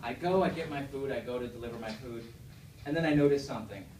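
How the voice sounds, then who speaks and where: A man's voice: mid-range voice, quick pace, darkish tone. A man doing a stand-up set in a conversational, chatty way and often asking the crowd questions. He sounds far from the mic, in a roomy, echoey club with a faint hiss behind him. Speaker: stand-up comedian. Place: comedy club stage. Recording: echoey room, distant mic, faint noise.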